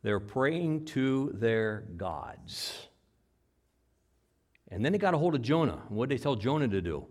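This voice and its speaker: A man preaching a sermon, telling the story dramatically and acting out cries, whispers and shouts. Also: medium pitch, big pitch swings, measured pace. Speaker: pastor.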